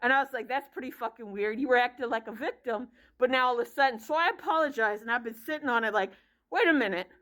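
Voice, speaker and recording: Woman, 30s, high-pitched vlogger, blunt profane ranting storyteller. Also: fast talker, a bit bright. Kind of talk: casual vlog rant.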